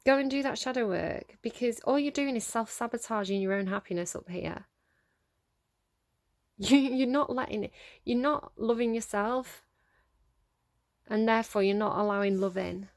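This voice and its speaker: A woman's voice: fairly high pitch, normal speed, pauses often, no echo. A woman giving a casual tarot reading straight to her viewers, earnest and coaxing, laughing often between points. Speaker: tarot reader.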